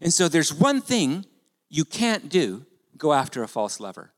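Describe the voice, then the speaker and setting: Brief: man preaching in a church hall, raised pitch, very lively intonation, conversational sermon style, echoing sanctuary. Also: measured pace. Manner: animated, conversational preaching with rhetorical questions. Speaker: pastor. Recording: long hall reverb.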